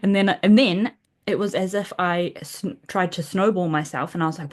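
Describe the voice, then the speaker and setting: A woman's voice: lowish voice, fairly even intonation, a little fast. A woman, hosting a podcast as a casual personal monologue, rambling and self-deprecating, with frequent laughs and restarts. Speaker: podcast host.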